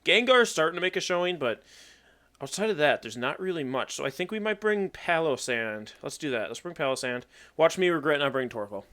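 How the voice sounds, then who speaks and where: A man's voice: fairly high pitch, animated, brisk, a bit bright. A young man chatting casually as he plays and commentates a competitive Pokemon battle, thinking aloud and joking at himself. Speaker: gaming YouTuber.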